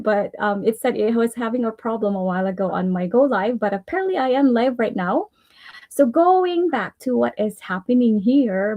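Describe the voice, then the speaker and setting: A woman with a Filipino accent talks on a casual live stream, pitched a little high but with a mellow, warm tone. She speaks earnestly and chattily, sharing personal affirmations and rambling a bit with restarts and soft laughs. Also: rough recording. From Philippines.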